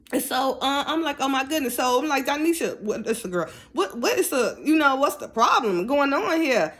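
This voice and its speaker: Woman, middle-aged, casual storytelling, animated, slightly high voice. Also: brisk. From United States. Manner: animated, acts out dialogue in raised voice. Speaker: vlogger telling a personal story.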